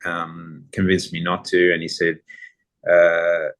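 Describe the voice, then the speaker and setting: A middle-aged man with a very low voice that stays level and barely rises or falls. He tells long, rambling anecdotes in a relaxed, casual way as a podcast guest. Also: slow pace. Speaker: guest photographer. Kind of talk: casual interview storytelling.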